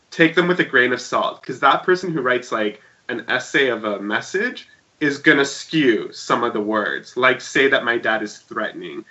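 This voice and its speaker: Man, podcast co-host, very bright forceful voice, animated storytelling, slightly muffled recording. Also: mid-range voice. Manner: animated, swings loud and quiet while retelling. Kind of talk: casual chat, storytelling. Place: home room with shelves.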